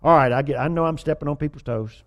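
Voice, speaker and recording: A man with a fairly high-pitched voice preaches in a folksy, humorous way. He mixes scripture reading with playful asides and exaggerated whining impressions. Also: quick pace. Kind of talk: sermon.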